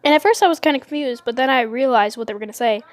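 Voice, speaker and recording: A young woman telling a storytime vlog in a giggly, excitable way. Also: high-pitched, racing, no echo. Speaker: vlogger.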